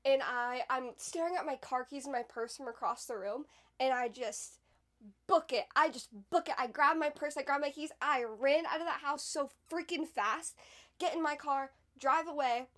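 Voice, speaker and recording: A young woman with a high, light voice tells a personal story in a loose, chatty vlog way. She drops "like" constantly and punches certain words with sudden loud emphasis. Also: normal speed. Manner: chatty, fills speech with "like", emphatic swings in loudness. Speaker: podcast host.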